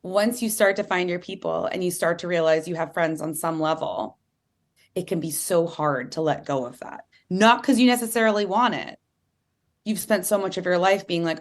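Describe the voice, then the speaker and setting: A woman in her thirties, an author talking candidly as an interview guest, animated and chatty, full of "like"s. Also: on the low side, normal speed. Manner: animated, chatty, many "like"s, playful voice impressions.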